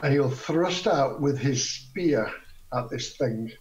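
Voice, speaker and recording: A man playing a tabletop game, calmly describing what his character does. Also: medium pitch, slow, highs cut off. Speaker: player.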